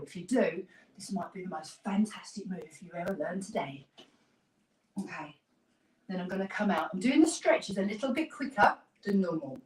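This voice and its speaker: A woman's voice: mid-range voice, reverberant, distant mic, low-quality recording. A woman fitness instructor leading a live workout class, giving upbeat, encouraging cues and counting down the reps.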